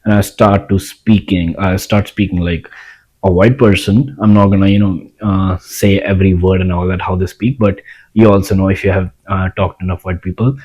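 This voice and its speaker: A man's voice: low voice, fairly even intonation, moderate pace, a little mellow, slightly rough, low-quality recording. A man giving casual self-help advice in a blunt, rambling way, swearing freely. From India.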